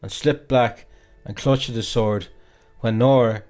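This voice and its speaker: A man reading a classic novel aloud as an expressive, theatrical audiobook narrator. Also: mid-range voice, unhurried, soft background music. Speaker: audiobook reader.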